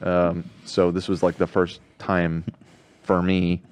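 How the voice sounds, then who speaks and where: Crew guy, thirties, low voice, halting casual storyteller. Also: completely flat delivery, a little mellow, smooth. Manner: hesitant, many "uh" and "um" fillers. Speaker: show crew member.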